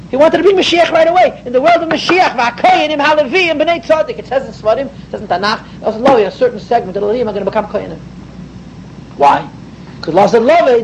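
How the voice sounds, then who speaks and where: A man's voice: extremely high pitch, a little hiss or hum, poor audio. A man giving an emphatic Torah class, explaining mystical ideas and mixing in Hebrew and Yiddish terms. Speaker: rabbi teaching Torah.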